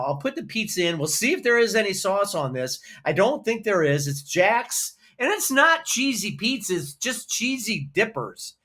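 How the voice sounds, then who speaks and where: A man's voice: high voice, sharp tone. A man reviewing frozen food in his home kitchen, grumbling and swearing in a casual vlog. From Midwest US. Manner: grumbling, profane ranting.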